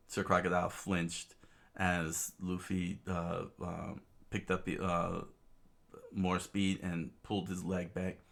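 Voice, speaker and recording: A man's voice: low-pitched, level tone, takes it slowly, creaky, fairly bright tone. A man casually reading a comic aloud, hesitant, with many fillers and self-corrections. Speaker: reader.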